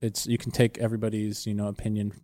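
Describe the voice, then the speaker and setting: A man's voice: on the low side, completely flat delivery, fast, warm tone, dry recording, studio quality. A young man co-hosting a casual podcast, laid-back and teasing, swearing freely. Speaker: podcast co-host. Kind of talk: casual stoner podcast chat.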